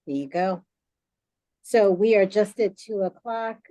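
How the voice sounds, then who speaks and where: A woman moderating a panel discussion, brisk and apologetic about the running time. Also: mid-range voice, dark tone, dry recording, poor audio.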